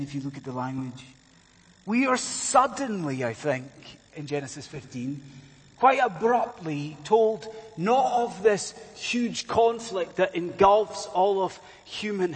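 Male preacher, high and slightly husky, earnest sermon delivery building to fervor, recorded in a reverberant church hall. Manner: earnest, rising to fervent emphasis with rhetorical questions. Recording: long reverb of a large hall.

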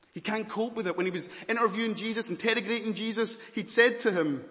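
A man's voice: high-pitched, fast, hardly any pauses, fairly bright tone, big-room sound. A man preaching a dramatic sermon in a church, questioning the congregation intently.

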